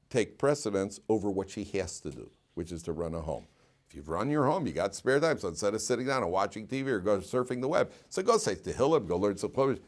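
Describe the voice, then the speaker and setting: A man, a rabbi teaching a lively class and telling stories, laughing often and repeating himself. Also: fairly low pitch.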